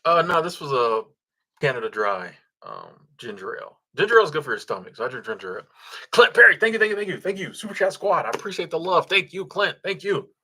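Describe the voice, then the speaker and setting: A man's voice: a little high, sing-song, fast, sharp tone, husky. Laid-back man chatting on a livestream. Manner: laid-back, chuckling, many ums and restarts. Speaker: livestream host. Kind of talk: casual live chat reading comments.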